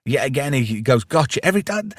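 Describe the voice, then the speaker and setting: Speaking at normal speed in a mid-range voice, a male podcast host runs a casual film review chat. He recounts the plot, throws in spirited quotes from the dialogue, and laughs a lot.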